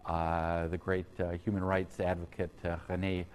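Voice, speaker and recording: A man giving an unscripted university history lecture, halting often on fillers and restarts, with conversational asides to his students. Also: sits low, monotone, smooth. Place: lecture hall.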